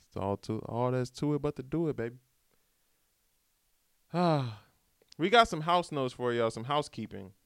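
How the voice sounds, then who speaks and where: Animated man giving a slangy pep talk. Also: mid-range voice, moderate pace, long pauses, dry recording, studio quality. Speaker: podcast host. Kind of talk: casual motivational monologue.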